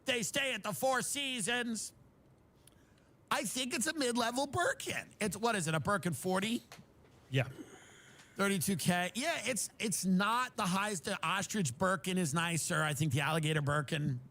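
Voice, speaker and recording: High-pitched man ranting in disbelief. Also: normal speed, sharp tone. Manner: exasperated, incredulous, sarcastic; acts out friends' voices in mocking asides. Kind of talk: comedic rant.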